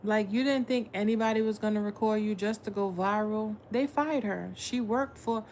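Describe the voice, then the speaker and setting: A woman's voice: mid-range voice, moderate pace, a little mellow, a little hiss or hum. A woman tarot reader chatting casually with viewers on a livestream, blunt and swearing freely. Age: adult with a son.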